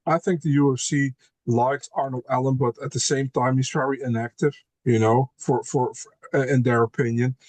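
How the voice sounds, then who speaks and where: A man's voice: medium pitch, fairly even intonation, moderate pace, darkish tone, no echo. Blunt male fight analyst, dry sound. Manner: blunt, swears, repeats words while thinking. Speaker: MMA analyst guest. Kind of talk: casual podcast chat.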